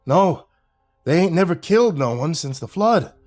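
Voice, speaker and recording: A man voicing an older rural man who tells grim local lore in a slow, folksy drawl. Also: fairly high pitch, animated, a little mellow, soft background music, pitched above the performer's own voice, lightly acted. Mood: ominous.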